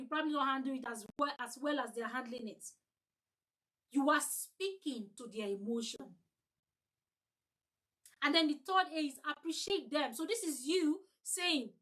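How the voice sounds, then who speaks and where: A woman's voice: high voice, sharp tone, poor audio. A woman leading an online customer-service training, emphatic, repeating her points and acting out sample lines.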